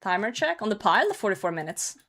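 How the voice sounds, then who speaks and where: Young woman, live streamer, casual chat, chatty, laughs often, mid-range pitch. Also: very animated, quick pace, a bit bright.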